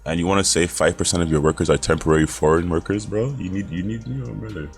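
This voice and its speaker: Man, very deep, profane reaction host. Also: fast, vocal fry, loud music behind the voice. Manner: blunt, profane, incredulous. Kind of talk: casual reaction commentary.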